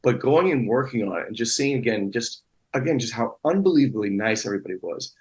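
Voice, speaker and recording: Husky guy rambling thru an interview, lots of ums and restarts. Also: mid-range voice, expressive, quick pace, low-quality recording. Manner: rambling, many restarts and fillers. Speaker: actor guest. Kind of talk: casual interview chat.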